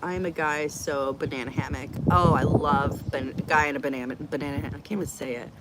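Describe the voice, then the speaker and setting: A middle-aged woman hosts a casual live Q&A stream, chatty, blunt, and joking as she reacts to her viewers' comments. Her voice sits low with fairly even intonation and a slightly fast pace, and the recording is very noisy.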